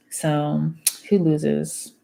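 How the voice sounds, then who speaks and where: A woman with a low, deep-set voice reads a book aloud at an easy, informal pace. She trips over words, goes back to fix them, and keeps stepping out of the text to add her own frank remarks. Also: vocal fry, dark tone. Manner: reads haltingly, stumbles and rereads words, breaks off into candid side comments. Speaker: book reader. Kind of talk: casual reading aloud with chatty asides.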